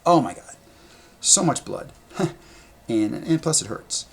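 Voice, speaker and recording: A man telling stories to his camera at a table indoors, animated and rambling, with blunt sound words and casual swearing. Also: mid-range voice, slow, creaky, slight background noise. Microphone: camera in front of him.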